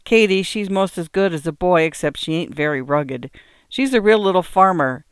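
A woman's voice: fairly low pitch, lively intonation, moderate pace, smooth, no room sound, clean studio sound, natural voice. A woman reading aloud and voicing a kind-hearted, hardworking farmer in old rural dialect, earnest and homely in manner. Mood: gentle. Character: kindly hardworking farmer man, cheerful yet grieving.

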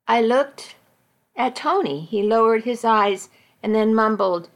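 A woman narrating a first-person story in a steady, reflective reading voice. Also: a little high, measured pace.

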